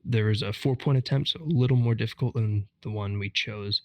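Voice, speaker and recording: A man co-hosts a gaming podcast in casual chat, laying out game mechanics step by step. His voice sits somewhat low, and the sound is dry and close. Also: fairly quick, gravelly, few pauses, no echo. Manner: analytical, explains step by step. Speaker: podcast co-host.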